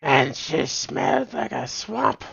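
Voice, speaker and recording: A wheezy, croaking fairy-tale narrator, as a man puts him on, pitched well above his usual voice and swooping widely, gravelly at the edges. It sounds strained and throaty, like a chest infection. It comes through a dull, lo-fi stream mic. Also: sing-song, slow, a bit bright, no echo, full character voice. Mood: mock storytelling.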